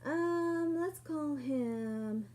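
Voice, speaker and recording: A woman telling a personal story in a casual vlog, acting out what people said with sudden jumps in pitch and loudness. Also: very slow. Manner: animated, acts out quoted lines with sudden jumps in pitch and loudness.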